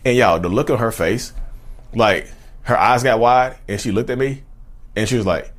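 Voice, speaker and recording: Fast-talking man telling a story. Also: mid-range voice. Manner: animated retelling, acts out dialogue, says "y'all". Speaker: vlogger sharing personal story. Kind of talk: casual storytelling to viewers.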